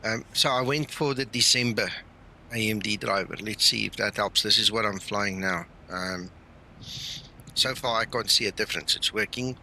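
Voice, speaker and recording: Chatty, bright-voiced man streaming late. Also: lowish voice, normal speed, a little hiss or hum. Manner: rambling, chatty, with fillers. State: tired, yawning. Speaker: flight sim streamer. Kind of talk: casual live-stream chat.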